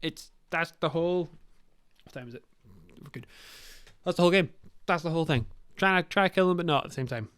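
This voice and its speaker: A young man talks casually on his podcast, blunt and sweary, wandering off into asides. His voice sits a little high and comes across smooth and clear. The recording is close and dry. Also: fairly quick, long pauses, fairly bright tone, dry recording. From Scotland. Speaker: podcast host, dungeon master. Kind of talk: casual podcast talk, giving advice.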